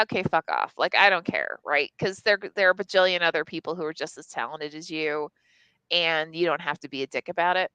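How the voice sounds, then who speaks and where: A woman's voice: mid-range voice, sharp tone, clean tone, no echo, rough recording. A woman telling a candid personal story on a live stream, casual and profane, full of "like" and restarts. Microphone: live stream mic.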